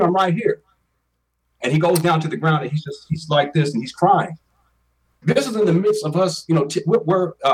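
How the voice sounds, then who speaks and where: A man's voice: on the high side, slightly rough, recorded from a distance, low-quality recording. A man in his forties telling a personal story as an interview guest, earnest and emphatic, often repeating his words. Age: 40s.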